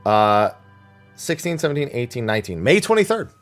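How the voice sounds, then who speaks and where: A man hosting a weekly viewer Q&A, reading questions aloud and thinking them through in a casual, animated way. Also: medium pitch, fairly quick, soft background music. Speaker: streamer answering viewer questions.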